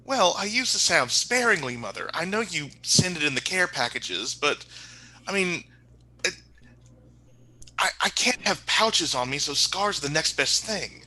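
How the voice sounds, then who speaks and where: A man's voice: fairly high pitch, very animated, unhurried, bright, forceful tone, pitched above the performer's own voice, exaggerated voice, low-quality recording. A man voicing a proud young fae prince, speaking in lofty, archaic phrases. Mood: dutiful.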